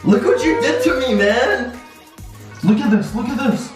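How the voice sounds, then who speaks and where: Woman, vlogger, lively pitch, slow talk, squealing and laughing, echoey bathroom, faint music. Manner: squealing, laughing, keeps saying she is scared. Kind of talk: excited casual vlog chat.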